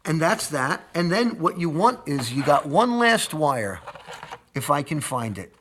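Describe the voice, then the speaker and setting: Male host, casual hands-on tutorial, rambling and profane, slightly high voice, faint noise and clicks behind. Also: big pitch swings, unhurried. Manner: rambling, repeats words, swears when annoyed. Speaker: video host demonstrating an install. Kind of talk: casual how-to walkthrough.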